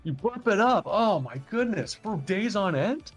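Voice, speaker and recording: A man from Southern Ontario chatting casually as a podcast guest, rambling and halting with lots of fillers and restarts. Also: high-pitched, very animated, breathy edge, soft background music. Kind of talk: casual chat.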